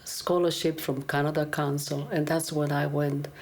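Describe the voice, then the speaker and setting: A woman's voice: sits low, moderate pace. A woman in her sixties from Italy with an Italian accent, telling her story animatedly in a documentary interview. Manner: animated storyteller acting out dialogue. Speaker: interviewee, opera singer.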